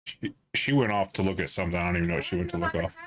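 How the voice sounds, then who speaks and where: A man's voice: deep voice, steady tone, rapid-fire, a crowd in the background. A man hosting a podcast, recounting a family outing in an easygoing casual chat. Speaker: podcast host.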